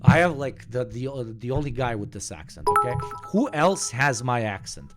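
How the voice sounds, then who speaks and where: A man from the Balkans with a slight Slavic accent, a squeaky voice with deep undertones, chatting and joking on a stream and swearing freely. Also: big pitch swings, moderate pace, loud music behind the voice. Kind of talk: casual stream chat.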